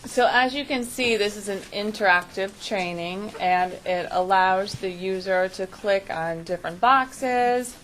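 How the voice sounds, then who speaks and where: A woman's voice: mid-range voice, unhurried, hardly any pauses, fairly bright tone, slight background noise, poor audio. Businesslike woman reporting at a meeting. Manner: businesslike, raises her voice for remote listeners. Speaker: executive director. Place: meeting room.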